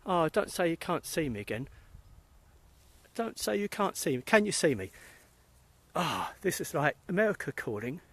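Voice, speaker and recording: A man's voice: a little high, sing-song, normal speed, a bit bright. Chatty British man on a phone live stream. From England. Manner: chatty, rambling, greets viewers by name. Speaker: spiritualist medium vlogger. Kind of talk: casual live-stream chat. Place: outdoors in a cemetery. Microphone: phone held while walking.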